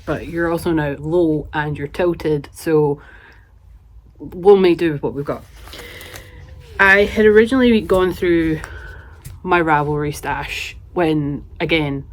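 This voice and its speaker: Woman, low voice, rambling casual craft vlog, handheld camera, home craft room. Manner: chatty, rambling, talks to her cat. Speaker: knitting vlogger.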